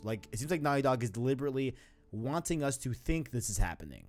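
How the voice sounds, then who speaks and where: A man's voice: mid-range voice, sing-song, fast, faint music behind. Slangy laid-back man co-hosting a show. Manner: loose slangy talk, repeats "you know what I'm saying". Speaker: podcast co-host. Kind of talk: casual gaming chat.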